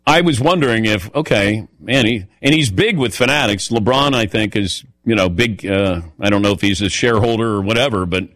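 A man's voice: on the low side, fairly quick, few pauses, fairly bright tone, dry recording. A man hosting a radio show, telling stories in a chatty way and calling on his co-hosts by name. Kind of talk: casual radio show chat.

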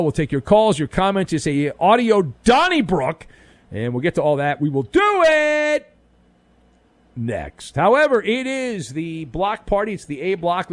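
A man's voice: fairly high pitch, dry recording. A man hosting an overnight sports talk radio show, delivering a punchy, wisecracking monologue full of jokes. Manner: wisecracking, animated, punchy delivery with jokes and pop-culture riffs. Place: radio studio.

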